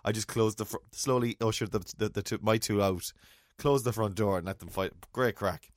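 A man's voice: lowish voice, brisk, no room sound, studio quality. A middle-aged man co-hosting a casual chat, telling funny stories with laughs. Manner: storytelling, lively, full of laughs. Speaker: co-host.

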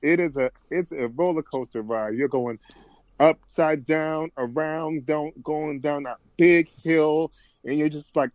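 A man's voice: fairly high pitch, unhurried, no room sound. A man guest on a podcast, talking in a reflective, rambling way with frequent restarts. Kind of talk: casual conversation.

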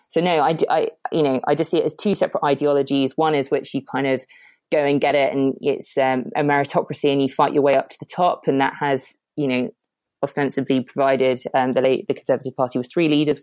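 A woman with a very low voice argues her case as a panel guest, opinionated and quick to gush with praise. She restarts her sentences often as her thoughts run ahead. The sound is dry and close. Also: a little mellow, no room sound. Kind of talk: casual panel discussion.

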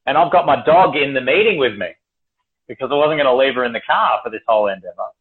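A man's voice: mid-range voice, expressive, quick pace, husky. An Australian man telling a story casually, swearing, laughing and acting out quoted voices. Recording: tinny phone-like audio.

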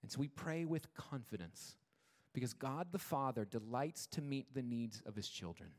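A man's voice: medium pitch, expressive. Earnest male pastor in echoing hall. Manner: measured, earnest preaching with slowed emphasis on repeated words. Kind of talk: sermon. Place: church sanctuary. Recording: long reverb of a church hall.

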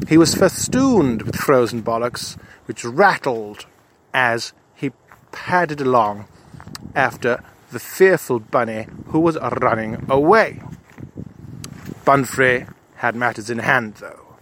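A man's voice: mid-range voice, expressive, slow pace, a bit bright, a little hiss or hum. A man telling a comic adventure story in the first person, in a pompous, self-satisfied manner.

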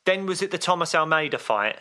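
A man co-hosting a casual sports podcast, his voice slightly higher than most and bright and forceful in tone. He rambles through his points with lots of fillers and restarts. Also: animated, quick pace. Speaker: podcast co-host.

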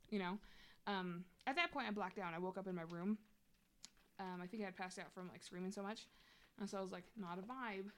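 A woman's voice: mid-range voice, slight background noise. A young adult woman telling a personal story in casual chat, candid and slangy, swearing freely.

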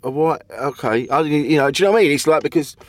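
A man's voice: on the high side, very fast. A man hosting a casual podcast chat, rambling with restarts and laughing as he talks.

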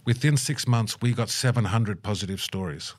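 A middle-aged man in an interview, telling stories with lively energy and acting out the people he quotes. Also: fairly low pitch, moderate pace. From Australia. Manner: animated, puts on voices when quoting people. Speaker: guest. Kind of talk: storytelling interview.

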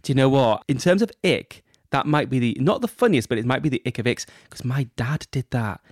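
A man's voice: mid-range voice, big pitch swings, brisk, no room sound, clean studio sound. A man co-hosting a podcast, reading out listener letters in casual chat with teasing asides. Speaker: podcast co-host.

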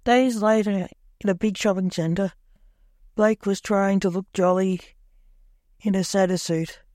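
A storyteller reading a dark comic holiday tale in plain, measured narration. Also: mid-range voice, fairly even intonation, dry recording, studio quality.

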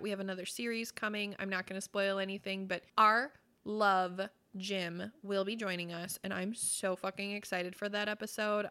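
A woman's voice: medium pitch, fairly bright tone. A woman co-hosting a podcast in casual chat, effusive and giggly, swearing freely. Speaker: podcast co-host.

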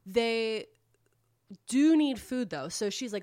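A woman casually recapping a book plot on a podcast, rambling and animated, with swearing. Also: a little high, slow pace, pauses often, no room sound. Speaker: podcast co-host retelling a book. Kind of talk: casual chat.

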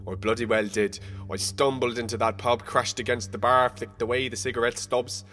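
A young man narrating a rhyming spoken-word story, casual and profane, moving between hushed and heated. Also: mid-range voice, little pitch movement, normal speed, few pauses, faint music behind. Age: young adult.

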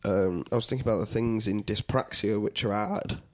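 A man's voice: on the low side, fairly quick. A man, co-hosting a comedy podcast and telling stories in casual chat, laughing often. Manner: laughing, animated storyteller.

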